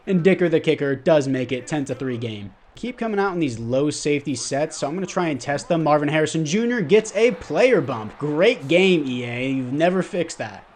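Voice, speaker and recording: A man's voice: fairly high pitch, a little mellow. Casual young man narrating his game. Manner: frustrated outbursts at mistakes, self-blaming. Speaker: gaming YouTuber. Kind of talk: casual gameplay commentary.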